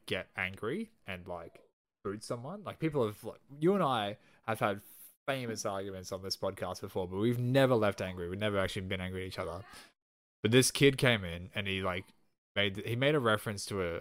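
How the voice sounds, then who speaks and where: A man's voice: lowish voice, a bit bright, dry recording. A man co-hosting a podcast, chatting casually and swearing as he tells a story. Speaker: podcast co-host.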